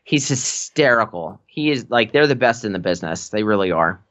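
A man's voice: fairly low pitch, lively intonation, a little fast, fairly bright tone. A man in casual chat, an easygoing storyteller who laughs often.

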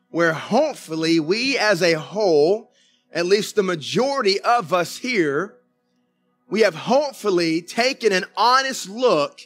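A man's voice: high voice, a bit bright. A man with a Southern US accent preaching a sermon to his church, telling folksy stories and calling out to the congregation for an amen. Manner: folksy storytelling with asides to the congregation. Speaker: pastor. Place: church sanctuary.

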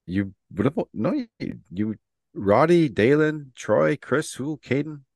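A man's voice: medium pitch, lively intonation, unhurried, a little mellow, no echo, studio quality. A man co-hosting a casual podcast who laughs often and reads names off his phone. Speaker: podcast co-host.

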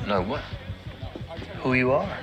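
An actor speaking lines in a film, played as a clip with music underneath. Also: male voice, medium pitch, sing-song, takes it slowly, muffled recording. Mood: terse. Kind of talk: film dialogue clips.

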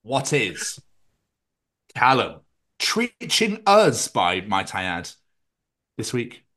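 A man's voice: medium pitch, wildly swooping pitch, drawn-out words, fairly bright tone. A man with a British accent hosting a podcast, rambling casually, swearing and acting out silly bits. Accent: British English. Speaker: podcast host. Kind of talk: casual chat.

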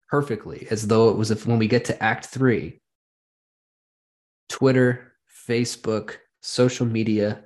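A man hosting a podcast, telling a wry, detailed anecdote in casual chat. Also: medium pitch. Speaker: podcast host.

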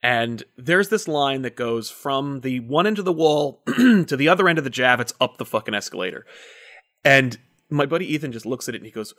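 A man hosting a casual chat, telling animated stories full of swearing and acted-out voices. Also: fairly quick. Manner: animated storyteller, swears, acts out voices with big pitch jumps. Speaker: podcast host.

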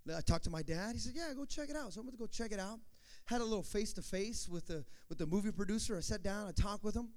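A man who was once a youth pastor, telling a testimony story in an animated way, acting out the dialogue with playful asides. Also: high-pitched, fast talker.

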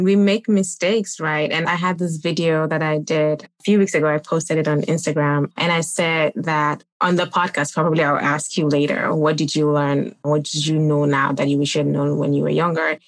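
Woman hosting a podcast, low voice, earnest and thoughtful, dry close sound. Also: no echo. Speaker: podcast host. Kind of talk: casual faith conversation.

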